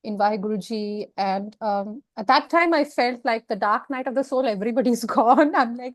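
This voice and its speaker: Expressive woman sharing a raw story. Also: fairly high pitch, normal speed, few pauses, no room sound. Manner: emotional, expressive, frank. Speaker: interview guest. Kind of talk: candid personal storytelling.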